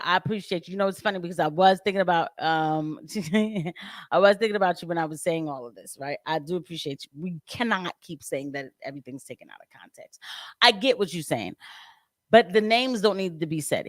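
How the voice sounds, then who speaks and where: A woman hosts a casual commentary livestream and speaks with a fairly low voice. She is animated and chatty, laughs often and jumps up in pitch. The sound is dry and close to the mic. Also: no room sound. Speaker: livestream host.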